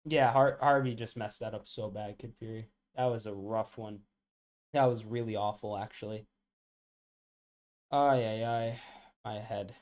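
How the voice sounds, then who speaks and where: A man's voice: on the low side, steady tone, normal speed. A man hosting a live football watchalong, chatting casually with viewers and reacting to the match with lots of slang. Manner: chatty, reacts loudly to goals, talks to chat with slang. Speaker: livestream watchalong host.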